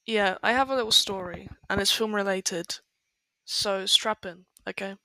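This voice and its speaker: A young woman co-hosting a podcast, giving brisk, matter-of-fact updates in casual chat. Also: medium pitch, bright, forceful tone, no room sound. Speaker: podcast co-host.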